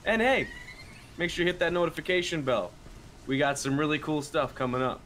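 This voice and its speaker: A man's voice: fairly high pitch, a little fast, a bit bright, a little hiss or hum. A man co-hosting a game stream, upbeat and greeting viewers by name. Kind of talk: casual game stream chat.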